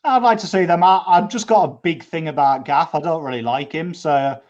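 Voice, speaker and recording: Man, co-host, laid-back banter, a bit high-pitched, muffled lo-fi audio. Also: fairly quick, darkish tone. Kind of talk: casual footy chat. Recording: muffled lo-fi remote line.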